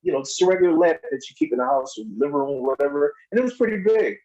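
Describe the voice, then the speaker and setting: A man's voice: high-pitched, very fast, gravelly. Guy telling wild stories on a podcast, acts out everybody's lines, laughing a lot, kinda muffled lo-fi sound. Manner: animated storyteller, acts out others' lines in raised voices, laughs often. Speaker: podcast guest. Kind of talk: casual storytelling.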